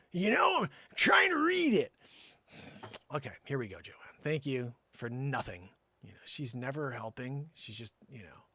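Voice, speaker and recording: A man's voice: on the high side, fairly bright tone, no room sound. A man hosting a call-in comedy livestream, rambling and teasing an off-screen helper. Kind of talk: joking livestream banter.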